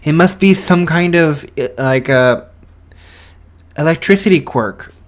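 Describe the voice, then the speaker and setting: A man voicing an amazed male daycare attendant who speaks haltingly with fillers. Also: fairly high pitch, pitched above the performer's own voice, close to an everyday voice. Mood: awed. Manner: awed, halting speech.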